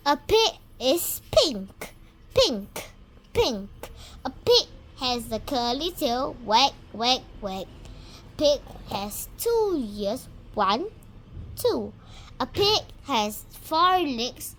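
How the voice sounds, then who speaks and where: A woman teaching young children animal names in a slow, sing-song way, spelling and repeating each word. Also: on the high side, sing-song, a bit bright, a little hiss or hum. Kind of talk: children's vocabulary lesson.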